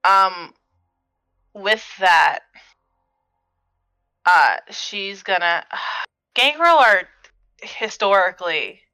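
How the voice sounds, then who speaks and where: A woman talking through her turn in a tabletop game, relaxed and casual. Her voice is smooth and bright, recorded close and dry. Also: mid-range voice, extremely slow, long pauses, no echo, poor audio. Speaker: player.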